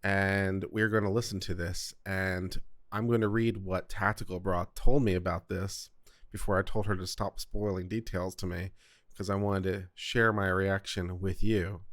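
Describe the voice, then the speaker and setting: A man's voice: sits low, no room sound, studio quality. A man from South Carolina hosting a casual commentary on court audio, chatty and digressive with jokey asides. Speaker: host reacting to court audio.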